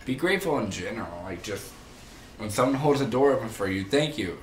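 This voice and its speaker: A man's voice: lowish voice, expressive, a little fast, echoey room, a little hiss or hum. A young man ranting casually to the camera about rude people, heated and profane, rambling as he goes. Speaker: vlogger; manager.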